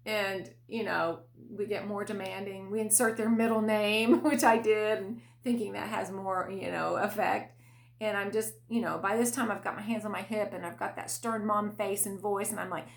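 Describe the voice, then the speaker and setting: A woman's voice: mid-range voice, moderate pace, vocal fry. Middle-aged woman, casual storytelling, chatty with fillers, roomy echo. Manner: conversational, many fillers, laughs between phrases. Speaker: podcast host sharing a parenting story. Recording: echoey room.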